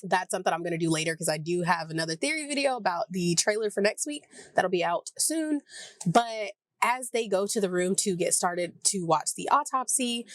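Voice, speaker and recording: A woman's voice: on the low side, animated, brisk, no echo. Chatty Southern woman recapping a show. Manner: rambling, chatty, heavy use of "like", acts out characters' lines. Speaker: TV review vlogger. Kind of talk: casual episode recap.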